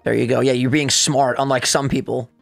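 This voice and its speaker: A man giving casual, excitable commentary while playing a video game against a friend, trash-talking as he goes. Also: creaky, no room sound, faint music behind. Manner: excitable, trash-talking, quick pitch jumps. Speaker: co-host gamer.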